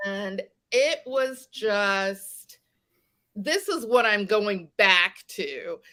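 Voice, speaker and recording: A woman from West Virginia, a podcast guest, telling a personal story in an animated way. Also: mid-range voice, very slow. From West Virginia, USA. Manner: animated storyteller, acts out quoted exchanges. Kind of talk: podcast conversation.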